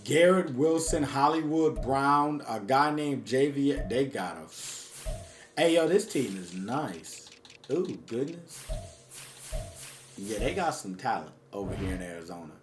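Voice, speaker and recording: A man's voice: mid-range voice, lively intonation, slow pace, soft background music. A man doing casual, hyped commentary over his own video game, talking straight to his viewers in slangy speech. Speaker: gaming YouTuber.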